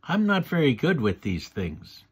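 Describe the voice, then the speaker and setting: A man's voice: on the high side, wildly swooping pitch, measured pace, slightly rough, heavily acted. A man voicing a jolly, slightly boastful father pig in a read-aloud storybook.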